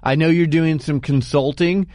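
A man hosting an interview and asking measured, conversational questions. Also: fairly high pitch, steady tone, a little mellow, dry recording, clean studio sound. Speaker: podcast host.

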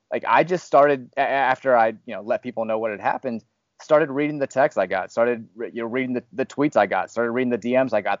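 A man's voice: mid-range voice, dry recording, highs cut off. A man hosting a casual podcast, talking candidly and rambling a little, with self-deprecating humor. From Louisville, Kentucky area. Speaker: podcast host, fired radio host.

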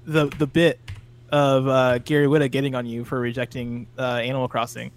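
Fast-talking podcast co-host. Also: male voice, medium pitch, level tone. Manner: fast, chatty storytelling with fillers. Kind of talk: casual chat.

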